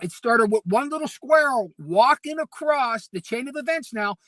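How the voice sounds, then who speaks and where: A man is co-hosting a relaxed talk show and telling stories with plenty of energy. His voice is bright and forceful, and he laughs often as he goes. The sound is dry and close to the mic. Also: very high voice, normal speed, no room sound. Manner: animated storyteller, laughs often. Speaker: co-host and DJ. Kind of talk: casual chat.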